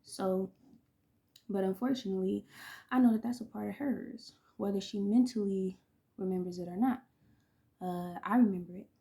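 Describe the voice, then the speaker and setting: With vocal fry, long pauses and a dark tone, this mid-range female voice moves at a moderate pace. The speaker, an oracle reader and vlogger in her thirties, rambles casually through personal stories, laughing often and sometimes dropping to an almost-whisper.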